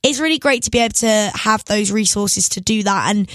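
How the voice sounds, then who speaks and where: A woman's voice: mid-range voice, fairly quick, no echo. A young woman from England with an English accent, chatting casually as a guest in a radio interview, laughing often between thoughts. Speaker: guest singer.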